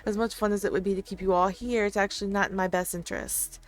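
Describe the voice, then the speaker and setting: A woman's voice: medium pitch, fairly even intonation, quick pace, close to an everyday voice. A woman voicing a smug, playful goddess who hosts a deadly game, with a teasing, cocky manner. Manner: teasing, cocky, sing-song.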